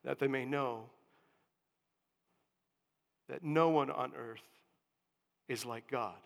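A male pastor preaching a sermon, dropping to hushed lines and then rising to booming proclamations. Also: takes it slowly, creaky. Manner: dramatic swings from hushed to booming. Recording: long church reverb.

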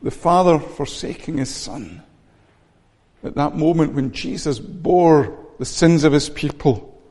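A man's voice: on the high side, lively intonation, darkish tone. Earnest preaching man in a reverberant hall. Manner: earnest, measured preaching with frequent repeated words. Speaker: pastor. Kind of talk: sermon. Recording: long reverb of a church hall.

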